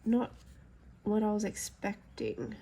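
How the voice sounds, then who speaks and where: Swatch-testing pencils for her casual colouring vlog, this woman talks frankly and thinks out loud, her voice stuffy and nasal from hay fever. It's mid-range, mellow and creaky, slow with big pitch swings, and carries a slight hiss or hum.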